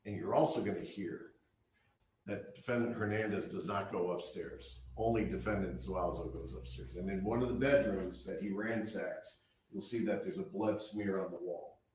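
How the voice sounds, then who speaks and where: A man giving a courtroom opening statement as prosecutor, laying out events step by step in a measured way. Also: low-pitched, a little mellow, slight background noise. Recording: echoey courtroom from far off.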